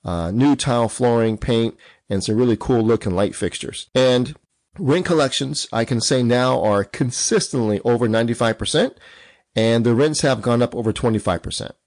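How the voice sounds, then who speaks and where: A man's voice: medium pitch, normal speed, a little mellow, no room sound. A man hosting an instructive podcast as a real estate coach, punching out numbered points and putting questions to his listeners.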